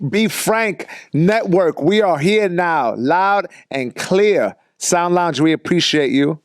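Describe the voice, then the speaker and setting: A man's voice: high-pitched, animated, slow, hardly any pauses, dry recording, studio quality. A man hosting a casual podcast chat, joking around with loose street slang. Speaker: podcast host. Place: small studio.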